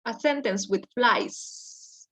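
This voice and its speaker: A woman's voice: a little high, takes it slowly, sharp tone. A woman teaching an English class over a video call, patiently correcting her students step by step.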